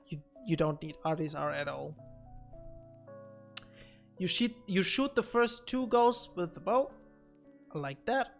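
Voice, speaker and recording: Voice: mid-range voice, slow pace, gravelly, pauses often, faint music behind. A streamer giving casual gameplay commentary on a desk mic, thinking aloud and often repeating words while explaining boss fights.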